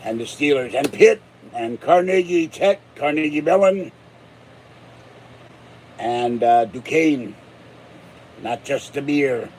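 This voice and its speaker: A man's voice: mid-range voice, expressive, slow pace, long pauses, a little mellow, a little hiss or hum. An older man from Pittsburgh, a channel host rambling through jokes and tall tales in a casual monologue. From Pittsburgh, USA. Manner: joking, chuckling, tall tales.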